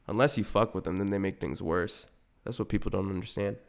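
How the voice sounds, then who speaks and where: A man's voice: sits low, brisk, gravelly. A young man hosting a podcast, rambling through a profane, comedic monologue and slipping into voices for the people in his stories. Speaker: podcast host.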